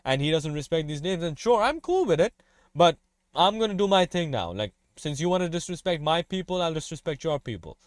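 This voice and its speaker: A man's voice: on the high side, sing-song, brisk, no echo, studio quality. A man hosting a music reaction, casually breaking down lyrics in loose, run-on asides.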